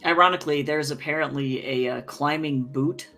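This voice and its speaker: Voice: medium pitch, normal speed, pushed and bright, soft background music. A friend on the stream chatting casually, teasing in a dry way. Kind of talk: casual chat.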